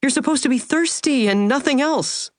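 Narrator putting on a bright laughing young woman, way higher, teasing, storybook. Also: normal speed, dry recording, studio quality, lightly acted. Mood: joyful teasing. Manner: laughing, affectionate. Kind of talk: audiobook character voice.

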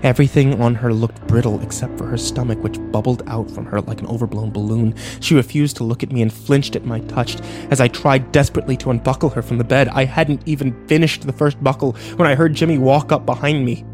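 A man's voice: medium pitch, fairly even intonation, brisk, few pauses, over music. Man narrating a tense first-person story.

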